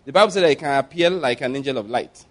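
A man's voice: mid-range voice, animated, fast. A man preaching a sermon, telling stories with animation and acting out the scenes.

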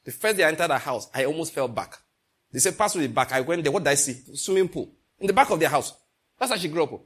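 A middle-aged Nigerian man preaching a sermon, telling stories and slipping into pidgin, moving between loud and hushed delivery. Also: fairly high pitch, animated, fast, husky. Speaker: pastor. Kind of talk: sermon with storytelling.

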